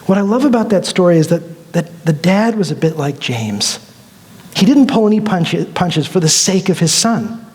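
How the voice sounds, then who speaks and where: A man's voice: high voice, lively intonation, normal speed, darkish tone, big-room sound. A male pastor preaching a sermon in a conversational, storytelling way, acting out quotes as he goes. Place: church sanctuary.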